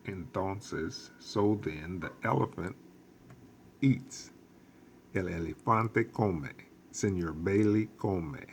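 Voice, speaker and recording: A man teaching a recorded lesson as a Spanish teacher, explaining slowly and patiently with lots of repetition. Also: deep voice, gravelly, a little hiss or hum.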